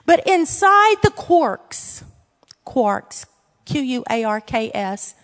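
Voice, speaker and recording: Earnest, high-voiced Louisiana woman teaching a Bible lesson; emphatic, with asides; long hall reverb. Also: sing-song, slow.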